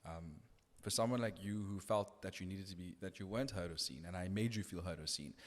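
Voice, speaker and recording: An earnest man recounts a story at a thoughtful pace. His voice sits low, and the room leaves a long reverb trail behind each phrase. He restarts his sentences often as he reflects. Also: fairly quick. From South Africa. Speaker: radio DJ guest. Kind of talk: casual podcast conversation.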